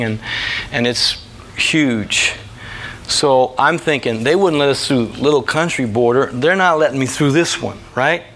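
A man telling a comic travel anecdote, animated, with laughing asides. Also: mid-range voice, slight background noise. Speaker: storyteller.

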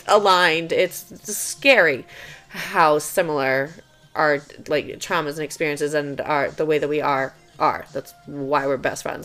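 A woman's voice: sits low, fairly bright tone. A young woman hosting a podcast who talks bluntly and confessionally, swearing often and adding lots of "okay" and "right". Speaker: podcast host. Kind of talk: candid personal monologue.

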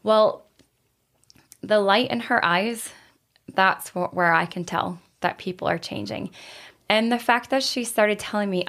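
A woman's voice: mid-range voice, moderate pace. A woman who leads healing retreats, telling an earnest story in a casual interview and acting out the quoted lines. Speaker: retreat leader and healer.

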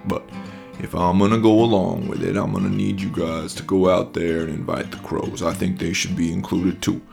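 King Kookaroo is a kindly, modest bear king with a low, gravelly, folksy voice, as a man reads him in a storybook. He speaks gently, and soft guitar music plays in the background. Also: little pitch movement, moderate pace. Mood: thoughtful.

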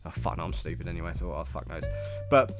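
A man's voice: deep voice, expressive, fast talker, creaky, over music. A man telling rambling, sweary stories in a casual monologue, often laughing.

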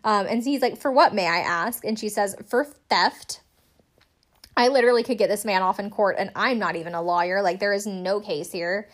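A woman's voice: medium pitch, fairly even intonation, fast, few pauses. Young woman host, loose recap chat, sarcastic asides, lots of filler "like". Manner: chatty, sarcastic, lots of "like" and laughs. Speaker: podcast host recapping a TV show.

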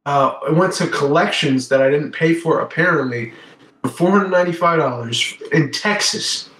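A man's voice: fairly high pitch, normal speed, fairly bright tone. A young man in casual chat, rambling through stories in a slangy way, calling people bro and dude. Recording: echoey room.

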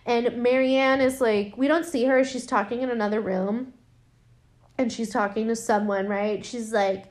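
A woman's voice: a little high, steady tone, normal speed. A woman recapping a film in casual chat, rambling with lots of fillers and swearing, her voice worn and her throat dry. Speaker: podcast host recapping a film.

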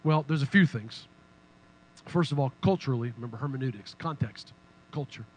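A man preaching a sermon in a casual, humorous, animated way. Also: medium pitch, fairly quick, husky, low-quality recording. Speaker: pastor.

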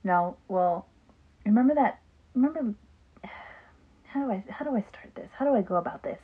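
A woman co-hosting a casual podcast with her sister, chatty and quick to laugh, with plenty of ums. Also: medium pitch, animated, slightly rough. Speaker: podcast co-host. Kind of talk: casual chat. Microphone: phone. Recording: phone-like narrow sound.

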